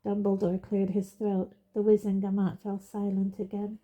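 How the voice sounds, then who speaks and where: A woman reading a novel aloud in a steady narrating voice. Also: medium pitch, moderate pace, hardly any pauses. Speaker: audiobook reader. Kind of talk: storybook narration.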